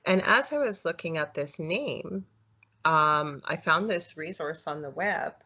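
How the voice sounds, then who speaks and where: Woman, low voice, halting casual storytelling, muffled lo-fi audio. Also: animated, pushed and bright, husky. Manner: halting, many fillers and restarts. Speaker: podcast guest. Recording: dull lo-fi audio.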